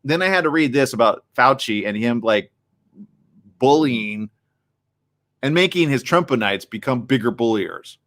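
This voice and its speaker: Animated, excitable male talk show host. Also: mid-range voice, moderate pace, long pauses. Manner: reads viewer comments aloud. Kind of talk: live streamed talk show chat.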